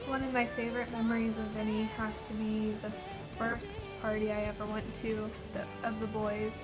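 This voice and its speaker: A woman calmly telling a fond memory of a friend for a memorial video. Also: fairly high pitch, moderate pace. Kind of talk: memorial interview reminiscence. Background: soft instrumental music.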